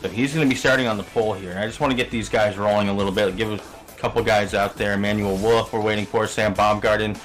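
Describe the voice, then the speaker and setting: A man's voice: fairly low pitch, fairly even intonation, quick pace, faint music behind. A middle-aged man calling a sim racing broadcast in a chatty, easygoing way, reading out the starting grid. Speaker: race commentator.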